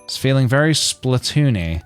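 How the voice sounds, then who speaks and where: Guy streaming a cozy game, lively up-and-down voice, chats away and reads chat, bit of music under it. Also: mid-range voice, normal speed, smooth, no echo. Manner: rambling, joking asides, reading chat. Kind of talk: casual gaming stream chat.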